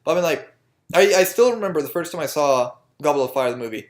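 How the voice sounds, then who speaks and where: A man's voice: a little high, expressive, fast. A young adult man co-hosting a podcast, rambling casually and swearing often. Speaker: podcast co-host. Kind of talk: casual chat.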